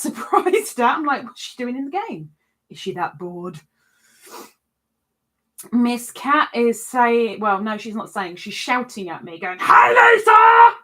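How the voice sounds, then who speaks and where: A woman's voice: on the high side, fairly bright tone. A woman, hosting a casual live stream from home, chatting while she crochets and reading viewer comments aloud in playful voices. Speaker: live-stream host greeting chat.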